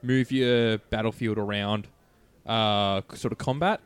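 A man's voice: on the low side, fairly even intonation, unhurried, clear, resonant tone. A man co-hosting a gaming podcast, chatting casually in loose, rambling sentences full of fillers. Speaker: podcast co-host. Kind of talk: casual chat.

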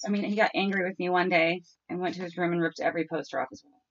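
A woman's voice: lowish voice, fairly even intonation, rapid-fire. A middle-aged woman co-hosting a podcast, chatting casually and telling stories about her kids. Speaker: podcast co-host. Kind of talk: casual chat. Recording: dull lo-fi podcast audio.

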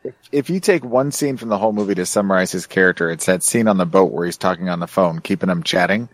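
Very deep-voiced thoughtful man. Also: fast, no echo. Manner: thoughtful, descriptive. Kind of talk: casual chat.

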